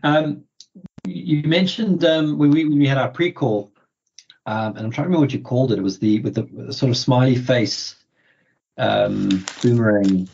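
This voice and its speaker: A man's voice: medium pitch, normal speed, gravelly, darkish tone, husky. A man hosting a podcast interview, talking casually and hesitantly with many ums and restarts. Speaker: podcast host. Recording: muffled lo-fi audio.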